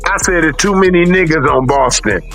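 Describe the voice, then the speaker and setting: High-voiced, bright, animated man. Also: fairly quick, creaky, soft background music. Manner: loud, animated storytelling with mimicked shouts and profanity. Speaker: podcast co-host. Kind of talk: casual sports chat.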